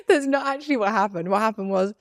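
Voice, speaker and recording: A young woman co-hosting a podcast, telling a personal story in casual chat, animated and laughing as she acts out quotes. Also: on the high side, fairly quick. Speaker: podcast co-host.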